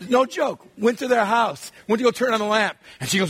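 A middle-aged male pastor giving a sermon, telling lively family stories and acting out his children's voices. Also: high voice, a little fast, husky, no room sound. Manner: animated storytelling, acts out his kids' voices.

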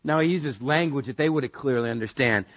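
A man preaching a sermon in a casual, joking way that builds to loud, emphatic passages. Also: mid-range voice, brisk, no room sound, lo-fi sound. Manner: conversational, jokey, rising to loud emphatic preaching. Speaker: pastor.

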